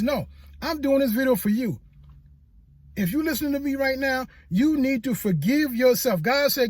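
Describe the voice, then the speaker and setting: Speaking to camera, a motivational speaker gives a personal testimony, earnest and repetitive, stammering whenever emotion takes hold. His voice is very high-pitched and brisk, captured in a dry recording.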